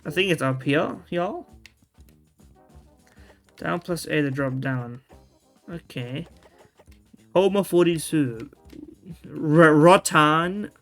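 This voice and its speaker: A man's voice: fairly high pitch, expressive, slow, pauses often. A man giving casual gameplay commentary, rambling and restarting his sentences, with loose slang and the odd swear word. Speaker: video game streamer. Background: faint game music.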